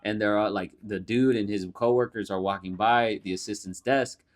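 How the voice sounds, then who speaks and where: A man's voice: lowish voice, fairly even intonation, normal speed. A young man co-hosting a podcast in casual chat, retelling comedy scenes with lots of swearing and laughter. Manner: profane, laughing storyteller. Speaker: podcast co-host.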